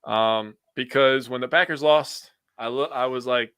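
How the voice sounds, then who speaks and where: A young man with a Wisconsin accent co-hosts a loose sports podcast, blunt and opinionated, and he swears offhandedly. His voice is bright and edged, recorded close and dry, with no room sound around it. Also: mid-range voice, a little slow, clean tone, dry recording. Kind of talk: casual sports chat.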